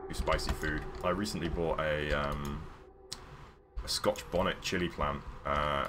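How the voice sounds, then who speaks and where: Deep-voiced man rambling on a stream. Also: normal speed. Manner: rambling, lots of ums and restarts. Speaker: livestreamer. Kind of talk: casual stream chat while painting. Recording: music playing under the voice. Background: background music, keyboard typing.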